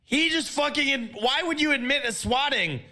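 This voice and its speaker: A man in a played clip chatting casually, incredulous and excited. His voice is high and bright, and it swings widely in pitch. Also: normal speed.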